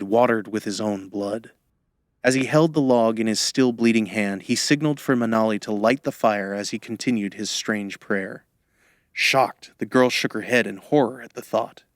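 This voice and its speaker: A man narrating a fantasy audiobook in a measured storytelling manner, close to the microphone. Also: medium pitch, no echo. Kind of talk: scripted narration.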